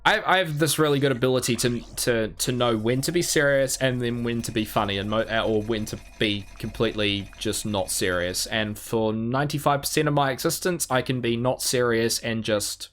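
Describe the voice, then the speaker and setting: A man's voice: medium pitch, moderate pace, hardly any pauses, fairly bright tone. A man from New Zealand chatting casually while streaming a game, rambling and self-mocking with many restarts. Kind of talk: casual gameplay chat.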